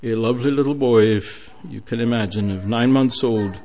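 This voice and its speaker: A man's voice: medium pitch, normal speed, mellow. A man preaching a sermon, telling a story earnestly with some hesitations. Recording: dull lo-fi recording.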